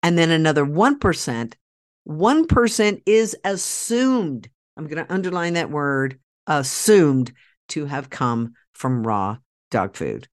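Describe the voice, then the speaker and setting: A woman's voice: deep voice, a little slow. A woman hosting a podcast, talking straight to her listeners in a persuasive monologue, emphatic and repeating key phrases for force. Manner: direct address to listeners, rallying tone. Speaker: podcast host.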